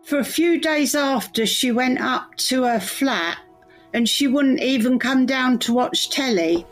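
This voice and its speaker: Older woman recalling slowly. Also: high-pitched, animated, faint music behind, rough recording. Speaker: eyewitness. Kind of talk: interview recollection.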